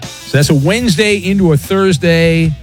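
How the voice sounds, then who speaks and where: A man hosting a talk radio show, bantering and reading listener messages with a brisk, joking manner. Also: a little high, faint music behind.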